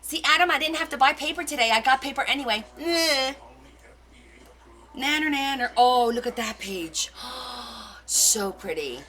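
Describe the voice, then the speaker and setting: A woman hosting a casual live craft stream, gushing and excitable as she opens gifts and reads notes aloud. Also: on the high side. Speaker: craft livestream host. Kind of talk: casual live unboxing chat.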